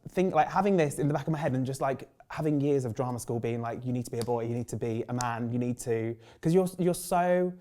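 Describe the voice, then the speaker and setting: A man in his thirties from England with a Birmingham accent, a drag performer telling lively stories in an interview, acting out other people's voices and filling his talk with "like". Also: medium pitch, fast, hardly any pauses. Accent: Birmingham English. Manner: animated, acts out quoted voices, many "like" fillers. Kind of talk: casual storytelling interview.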